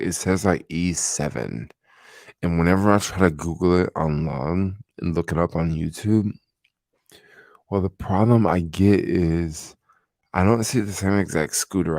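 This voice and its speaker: Tired, gravelly deep-voiced man livestreaming. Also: dry recording, studio quality. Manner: relaxed and rambling, many fillers. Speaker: livestream host. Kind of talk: casual livestream chat. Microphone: desk microphone without headphones.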